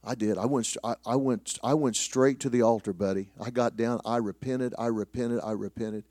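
A middle-aged man preaching, telling a personal story in a self-deprecating way with many restarts, sometimes dropping to a hushed voice. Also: mid-range voice, fairly even intonation, moderate pace, no room sound, studio quality. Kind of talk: sermon storytelling.

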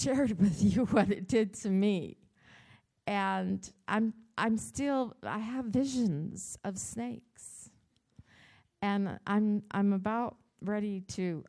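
In a devotional talk at church, a woman speaker recounts a personal experience with animation and drama. Her pitch and volume jump up as she tells it.

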